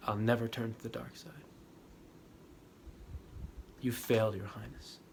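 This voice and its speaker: A man's voice: mid-range voice, measured pace, gravelly. A man quoting a young male hero who defies an evil ruler in firm, plain declarations. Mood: defiant. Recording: steady background noise.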